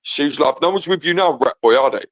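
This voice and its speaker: A man's voice: on the high side, lively intonation, fast, no echo, low-quality recording. A man arguing angrily on a call-in show, hurling insults and repeating himself. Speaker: caller. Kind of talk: heated argument on a call-in show.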